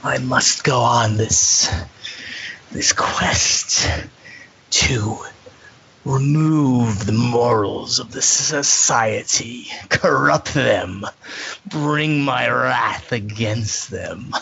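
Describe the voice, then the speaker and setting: A man's voice: mid-range voice, very slow, gravelly, pushed and bright, breathy edge, muffled recording, heavily acted. A man voicing a haughty, brooding villain knight bent on corrupting society, with theatrical whispered asides, in improvised tabletop role-play. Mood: sinister.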